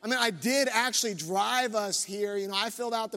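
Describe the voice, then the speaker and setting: A man's voice: high-pitched, brisk, few pauses, pushed and bright. A man in his thirties preaching a sermon and telling a self-deprecating personal story, with many restarts. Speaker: pastor. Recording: long hall reverb.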